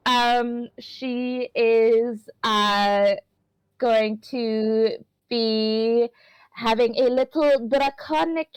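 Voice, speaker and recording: Slow, rambling woman player. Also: on the high side, steady tone, clear, resonant tone, no room sound, low-quality recording. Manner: rambling with many fillers and hedges. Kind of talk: describing her character in a tabletop game.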